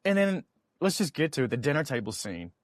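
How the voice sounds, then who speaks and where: A man co-hosting a podcast in casual chat, expressive and often repeating words. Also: on the high side, a little fast, dry recording, studio quality. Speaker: podcast co-host.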